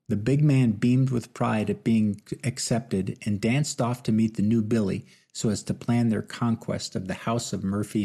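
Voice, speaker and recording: Gravelly, husky male audiobook narrator. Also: on the low side. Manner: steady, measured storytelling. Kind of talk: scripted narration.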